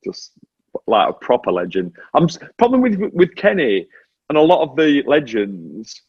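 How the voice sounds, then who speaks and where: In a casual interview over a remote link, a British man in his forties who used to race motorcycles tells lively stories that poke fun at himself. His British English voice is medium-pitched with a breathy edge, at a moderate pace. The recording is muffled, with no room sound.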